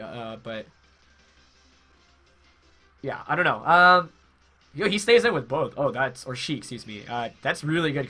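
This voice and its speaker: A congested young man talks through his match in a bright, forward voice, thinking aloud and correcting himself as he goes. Faint music plays underneath. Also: medium pitch. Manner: thinks aloud with many fillers and self-corrections. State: congested from a cold. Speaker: game commentator. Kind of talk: casual play-by-play commentary.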